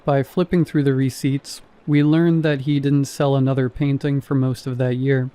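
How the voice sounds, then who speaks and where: Man, horror story narrator, calm measured delivery, warm dark tone, middle pitch. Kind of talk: scripted narration.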